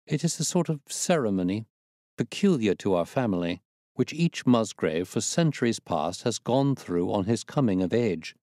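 A man reading a classic detective story aloud as a storyteller, measured and expressive. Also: fairly low pitch, no room sound, studio quality.

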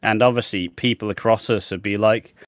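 A man's voice: lowish voice, fairly even intonation, fairly quick, no echo, clean studio sound. A man co-hosting a podcast in casual, chatty talk, swearing freely. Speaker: podcast co-host.

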